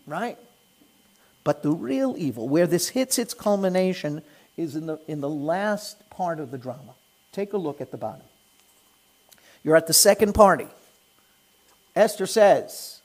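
A man teaching a class on the Book of Esther in a lively lecture, firing rhetorical questions at the room and acting out the characters. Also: high voice. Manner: animated, fires rhetorical questions at listeners; acts out the characters in quick voices. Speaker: Torah teacher.

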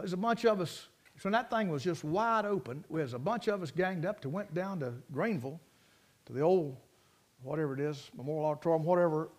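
A preacher man with a high voice, telling stories in a folksy, rambling way from the pulpit. He talks plainly and drifts between anecdote and scripture. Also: darkish tone. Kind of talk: sermon with storytelling.

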